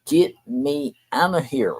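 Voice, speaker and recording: A man's voice: fairly high pitch, huge pitch swings, slow pace, creaky, a little mellow, breathy edge, low-quality recording. An older man, hosting a talk show and complaining bluntly and repetitively. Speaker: show host. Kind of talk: venting monologue to camera.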